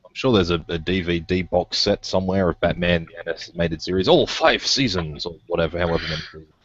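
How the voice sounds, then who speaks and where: Deep-voiced tired young man chatting. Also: brisk. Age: young adult. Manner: relaxed, asks questions, tired. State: tired, yawning. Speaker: podcast co-host. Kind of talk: casual chat. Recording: dry, dull lo-fi podcast audio.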